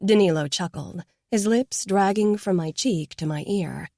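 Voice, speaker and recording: A woman narrating a first-person romance audiobook in a soft, intimate manner. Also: medium pitch, a little slow, no room sound, studio quality. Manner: soft, intimate, hushed at times.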